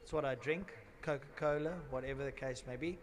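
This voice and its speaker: There's a bit of hiss or hum as a man with a mid-range voice commentates fairly quickly at an outdoor race circuit. He wanders and cracks jokes, then shifts into loud announcing for the grid.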